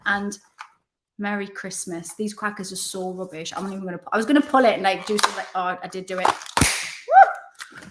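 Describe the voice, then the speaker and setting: A woman's voice: medium pitch, steady tone, fast, noisy background. A woman hosting a casual live stream. She chats to viewers in a rambling way and makes fun of herself as she goes. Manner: chatty, warm-hearted, rambling with self-mocking asides. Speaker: livestream host.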